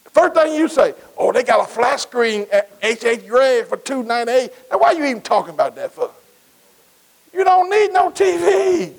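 Middle-aged male preacher, high voice, call-and-response, repeats phrases. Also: very animated, brisk, gravelly, poor audio. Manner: call-and-response, asks the congregation questions; Black church preaching cadence, repeats phrases. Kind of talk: sermon.

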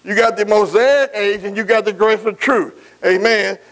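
A male preacher delivering a sermon. He repeats phrases, calls out amen to the congregation and slows down when reading scripture. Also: high voice, a bit bright.

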